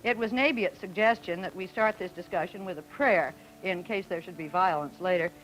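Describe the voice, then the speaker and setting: A woman moderating a 1950s broadcast student panel, asking poised, brisk questions and introducing guests. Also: lowish voice, a little hiss or hum, rough recording.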